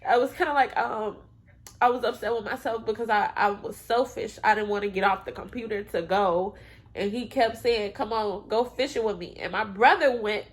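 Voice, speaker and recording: A woman vlogger speaking casually and reflectively, with hesitant fillers and restarts. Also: medium pitch. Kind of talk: casual conversation.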